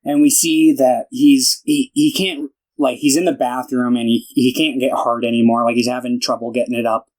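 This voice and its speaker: A man's voice: medium pitch, little pitch movement, moderate pace, few pauses, a little mellow, poor audio. A man co-hosting a podcast in a casual chat, recapping a film in a rambling way with lots of fillers and restarts. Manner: retells scenes by acting out the characters' lines. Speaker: podcast co-host.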